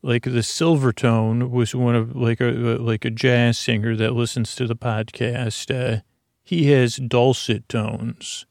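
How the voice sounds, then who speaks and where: A man hosting a sleep podcast with a creaky voice, talking in a slow, meandering way with many fillers. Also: mid-range voice, little pitch movement, no room sound, studio quality. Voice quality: creaky, gravelly voice. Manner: rambling and soft-spoken, with many fillers and restarts. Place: home studio in an apartment. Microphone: prosumer podcast microphone.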